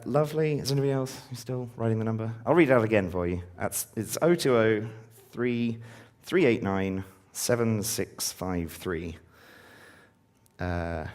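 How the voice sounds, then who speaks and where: A man's voice: mid-range voice, darkish tone. A man giving a casual live-coding talk to a conference audience, full of ums and uhs. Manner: casual, filler-heavy, upbeat when engaging audience. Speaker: conference speaker.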